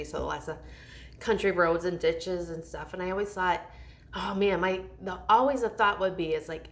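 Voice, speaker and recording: A woman in her thirties speaks straight to her viewers in a candid mom vlog, with a voice that sits on the low side for a woman. She rambles through her story with heartfelt openness and keeps breaking off to restart a thought. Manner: rambling, heartfelt, self-interrupting. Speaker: mom vlogger.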